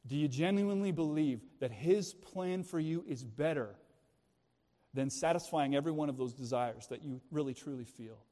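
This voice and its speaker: A man's voice: fairly high pitch, normal speed, dark tone. A middle-aged man preaching a sermon in a church, earnest and urgent, pressing his listeners with pointed questions. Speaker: pastor. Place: church sanctuary. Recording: long hall reverb.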